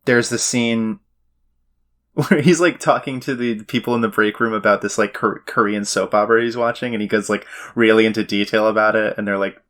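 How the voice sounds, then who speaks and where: A man co-hosting a podcast, talking in a relaxed, reflective way about comedy tastes. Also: on the low side, normal speed. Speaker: podcast co-host. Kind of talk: casual chat.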